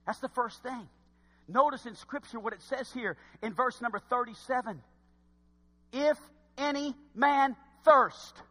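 A man preaching a sermon to his congregation, folksy and direct, swinging from hushed asides to shouts. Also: extremely high pitch, unhurried. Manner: folksy, talks straight to the congregation. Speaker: pastor. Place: church sanctuary. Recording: long hall reverb.

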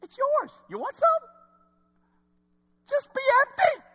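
A man voicing God as a generous divine figure, calling out high, loud and slow. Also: sing-song, in a large hall, exaggerated voice. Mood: urgent, giving.

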